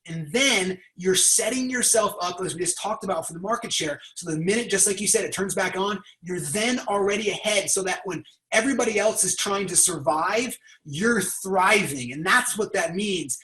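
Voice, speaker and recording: A man hosting a motivational conversation, talking in an energetic coaching tone. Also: high-pitched, moderate pace, hardly any pauses, roomy sound, poor audio. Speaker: podcast host.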